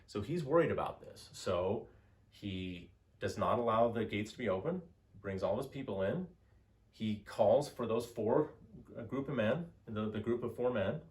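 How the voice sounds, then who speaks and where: A male history teacher telling a lecture as a story, animated and chatty, with many fillers and restarts. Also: fairly low pitch, normal speed, distant mic.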